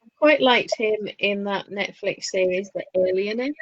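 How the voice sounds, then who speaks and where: This podcast co-host speaks with a Northern English accent in a mid-range voice at a normal speed, opinionated and chatty, tossing in laughing asides during a casual chat. The sound is dull, lo-fi and dry, without room sound.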